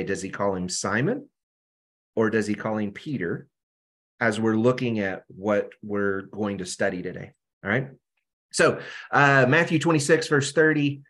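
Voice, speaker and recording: A man leads a scripture study from his own desk, heard through a video call. His delivery is loose and conversational, and he often tags his sentences with a quick "right?" He keeps a middle-pitched, everyday speaking voice. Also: fairly bright tone. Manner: casual, keeps asking "right?". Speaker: Bible study teacher.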